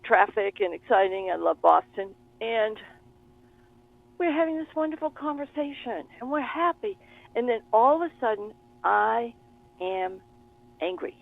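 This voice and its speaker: A woman guest in an interview, telling stories in an animated, expressive way. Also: mid-range voice, vocal fry. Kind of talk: interview conversation. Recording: tinny phone line.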